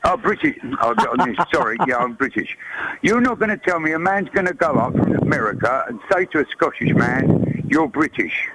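A man's voice: a little high, big pitch swings, fairly quick, a bit bright, slight background noise, low-quality recording. A man calling a radio phone-in, arguing and rambling off his point. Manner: argumentative, rambling. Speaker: caller.

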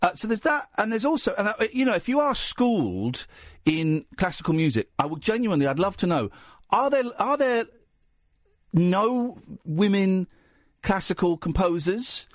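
Late-night talk radio host: man, teasing, animated, pitch all over the place, close dry mic. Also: moderate pace, dry recording. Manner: animated, teasing, repeats himself for comic effect.

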